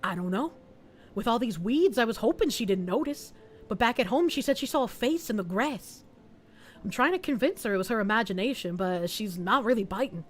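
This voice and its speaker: A woman voicing a worried neighbor, an anxious parent, speaking in a low, confiding way. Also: animated, brisk, a little hiss or hum, lightly acted. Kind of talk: game character voicing.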